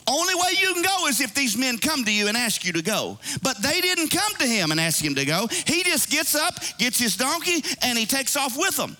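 A man preaching a sermon, reading scripture and retelling it with animated asides and character voices. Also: very high-pitched. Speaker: pastor.

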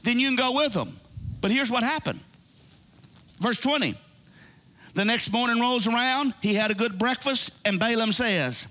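A man preaching a sermon, reading scripture and retelling it with animated asides and character voices. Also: extremely high pitch, normal speed, long pauses. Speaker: pastor.

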